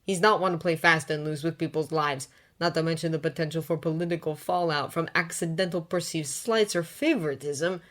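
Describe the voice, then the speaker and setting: Woman reading fanfiction aloud, lowish voice. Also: a little fast, fairly bright tone. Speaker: narrator.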